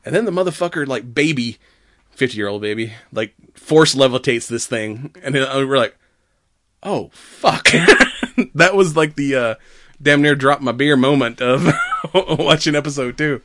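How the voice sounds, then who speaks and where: A man's voice: medium pitch, normal speed, dry recording. Man, casual podcast chat, laughs a lot, dry close sound. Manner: animated, laughs often, acts out quotes. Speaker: podcast co-host.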